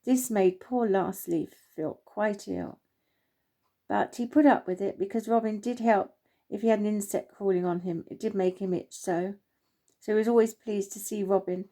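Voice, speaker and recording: A woman gently reading her own children's story aloud, unhurried, with small slips. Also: mid-range voice, steady tone.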